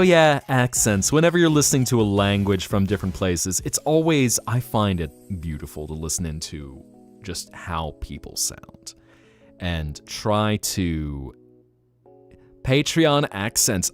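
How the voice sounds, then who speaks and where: Animated, rambling male streamer. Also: lowish voice. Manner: rambling, animated, laughs often, thanks chat. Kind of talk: casual live-stream chat.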